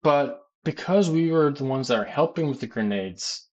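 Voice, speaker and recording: American guy rambling through an army story, lots of ums and restarts, average pitch, casual q&a vibe. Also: moderate pace, highs cut off. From United States. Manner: rambling, animated, many fillers and restarts. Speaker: gaming YouTuber and teacher.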